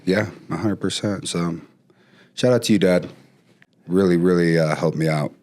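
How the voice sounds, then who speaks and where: A man talking as a podcast guest, telling stories casually with lively bursts and frequent restarts. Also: sits low, normal speed. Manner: animated, trails off and restarts often. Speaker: podcast guest, former pro football player. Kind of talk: casual storytelling.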